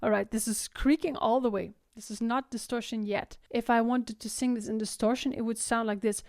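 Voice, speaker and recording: A woman's voice: on the high side, steady tone, a little fast, a little mellow, dry recording, clean studio sound. A young woman with a Dutch Limburg accent, explaining vocal technique in a singing tutorial and often checking in with "right?". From the Netherlands. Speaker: singing teacher. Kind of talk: vocal tutorial with sung demonstrations.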